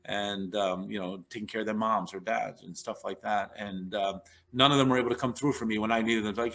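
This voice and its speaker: A man's voice: on the low side, steady tone, a little fast, gravelly, fairly bright tone. A man in his fifties telling long, rambling stories as an interview guest, with many fillers and restarts. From New York. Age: 50s. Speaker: podcast guest, neurologist. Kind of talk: casual storytelling interview.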